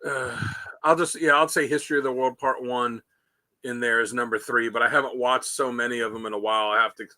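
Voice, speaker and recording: Brisk and fairly even in intonation, a medium-pitched man co-hosts a laid-back talk show, wandering through anecdotes and performing the lines he quotes. The recording is dry, and his voice comes across pushed and bright.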